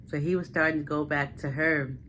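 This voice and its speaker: A woman giving a casual, chatty recap of a TV episode, full of fillers and growing animated as she retells scenes. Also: sits low, fairly quick, slight background noise. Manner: chatty, loose, heavy with fillers like "like" and "listen". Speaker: recap vlogger.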